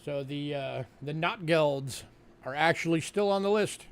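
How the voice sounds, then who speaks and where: Talking a little slowly, a New York man hosts a coin sale livestream in a casual, chatty way, with fillers and repeated words. His slightly high voice has a clear, resonant tone.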